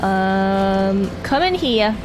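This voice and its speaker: A woman's voice: mid-range voice, lively intonation, drawn-out words, music in the background. A woman giving casual, rambling gameplay commentary, talking animatedly and swearing casually. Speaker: gameplay streamer.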